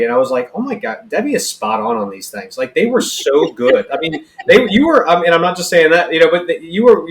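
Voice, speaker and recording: A man's voice: medium pitch, slight background noise. A man hosting a podcast in casual conversation, earnest and effusive, with loose fillers like "uh" and "you know". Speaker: podcast host and book author.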